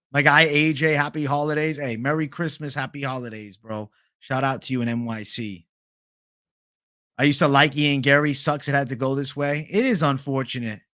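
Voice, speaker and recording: A man's voice: mid-range voice, fairly bright tone, no room sound, studio quality. A young man hosting a casual livestream, reading viewer questions aloud in a laid-back, profane bro manner. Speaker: livestream host.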